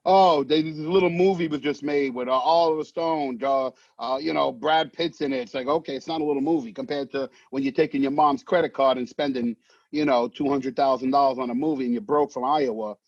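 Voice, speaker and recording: A man, an actor telling stories in a casual interview, animated and swearing, acting out voices. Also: mid-range voice, a little fast, no room sound. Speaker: actor guest. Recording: dull muffled sound, dry.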